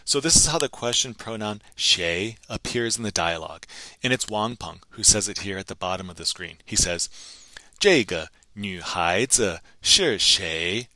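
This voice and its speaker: A man teaching a recorded language lesson, patiently explaining grammar and repeating phrases slowly for learners to copy. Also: fairly low pitch, expressive, sharp tone, no echo. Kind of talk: pre-recorded lesson narration.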